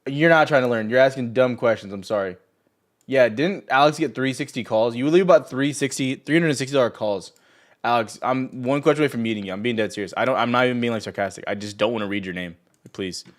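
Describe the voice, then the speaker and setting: A man's voice: mid-range voice, fast talker. A young man hosting a trading livestream, talking casually and ranting at viewers in chat with sarcasm and profanity. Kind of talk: casual live stream chat.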